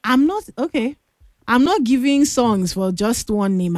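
Woman, radio host, high lively voice, unhurried teasing delivery, dry close mic. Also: no room sound. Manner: lively, teasing, drawn-out emphasis. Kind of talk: playful call-in radio chat. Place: radio studio.

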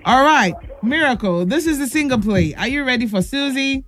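A woman's voice: high voice, lively intonation, normal speed, a bit bright, soft background music. A woman hosting a children's radio call-in show, playful and teasing, laughing often and calling the callers pet names. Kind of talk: lively radio call-in chat.

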